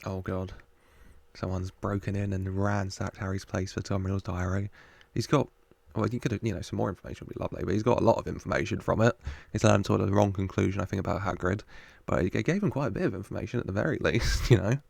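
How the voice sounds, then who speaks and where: A man's voice: sits low, steady tone, fast talker, gravelly, a little mellow, dry recording. A man hosting a casual film reaction, chatty, joking with the screen and laughing often. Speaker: reaction video host.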